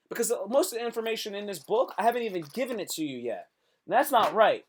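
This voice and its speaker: A young man hosts his own live stream, rambling in a hyped and self-pumping way and calling his viewers "son" and "kid". His voice sits a little high for a man. He keeps talking with loose, restless energy. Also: animated, racing, a little hiss or hum. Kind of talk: casual live stream monologue.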